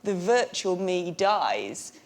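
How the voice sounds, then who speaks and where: A woman's voice: on the low side, very animated, takes it slowly, gravelly. A woman telling absurd stories as a guest on a comedy panel, laughing as she talks. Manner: chatty, absurd, laughs while talking. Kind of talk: comic panel storytelling. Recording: noisy broadcast audio.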